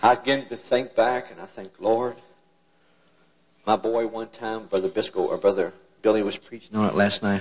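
An older man, preaching in a folksy, plain-spoken storytelling style and acting out his father's words. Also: lowish voice. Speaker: preacher telling stories about his father. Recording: dull lo-fi church recording.

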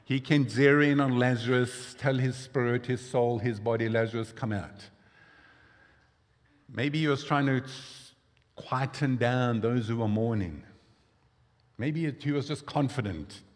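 A man's voice: mid-range voice, a little slow, in a large hall. A male pastor preaching a sermon, explaining scripture in a conversational way with personal asides.

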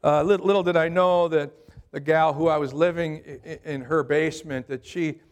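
A man's voice: a little high, steady tone, normal speed. An older man, a pastor, preaching a sermon and telling his own story in a conversational way, often repeating his words as he starts a sentence. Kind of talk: sermon with personal testimony.

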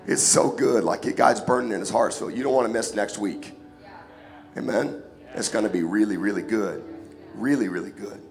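Hoarse, sniffling man preaching over music. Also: fairly low pitch, normal speed. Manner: casual, joking, calls for amen. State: congested, sniffling and hoarse from a cold. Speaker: guest preacher. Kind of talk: sermon. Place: church sanctuary.

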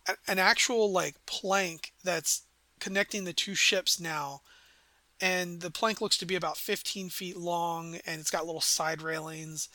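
A man's voice: sits high, steady tone, a little slow, bright, forceful tone, dry recording. A man narrating as game master of a tabletop game, rambling with many fillers. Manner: rambling, lots of ums and likes.

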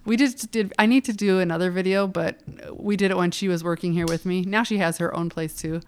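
A woman guest in a casual interview who runs a brow studio, bubbly and animated as she tells stories and laughs often. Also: lowish voice, brisk, clean tone.

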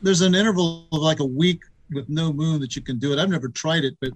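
A man, a guest author, explaining astronomy in a measured, patient way. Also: a little high, no echo, rough recording.

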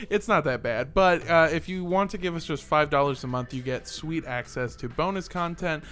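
A man's voice: fairly high pitch, moderate pace. A man hosting a podcast in casual, joking banter, reading listener reviews aloud. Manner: playful, jokey, reads listener reviews aloud. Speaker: podcast host.

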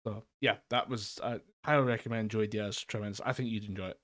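A man's voice: lowish voice, fairly even intonation, quick pace, fairly bright tone. A man co-hosting a podcast over a remote call, chatting casually in a rambling way with frequent fillers and laughs. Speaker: podcast co-host. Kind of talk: casual chat. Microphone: remote call mic.

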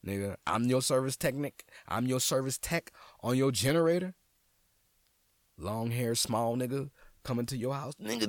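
A man hosting a podcast as a comedian, in a casual, profane monologue that jumps into high, excited outbursts. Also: dry recording, clean studio sound.

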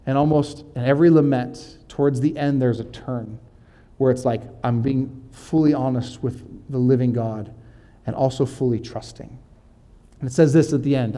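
Man preaching a mellow sermon. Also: medium pitch. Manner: conversational preaching, slows for scripture readings. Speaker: pastor. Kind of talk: sermon with scripture reading. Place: church.

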